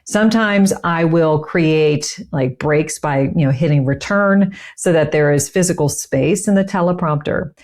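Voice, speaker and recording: Low-voiced woman coaching on delivery. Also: unhurried, hardly any pauses, a little mellow. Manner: conversational, stresses key words, occasional laughs. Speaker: communication coach. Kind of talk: instructional tips to camera.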